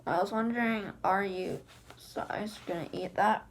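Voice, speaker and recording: A woman reading the lines of a grumpy male ogre from a film script in her own everyday voice, flat and stumbling over words. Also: medium pitch, measured pace, a little hiss or hum, close to an everyday voice. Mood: plain reading. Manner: flat read-aloud delivery with slips.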